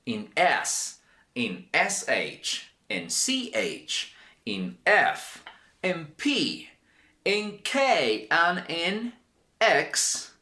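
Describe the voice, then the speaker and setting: Male teacher, slow and deliberate, very lively pitch. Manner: enthusiastic, emphatic, repeats words slowly. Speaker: English teacher. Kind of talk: language lesson.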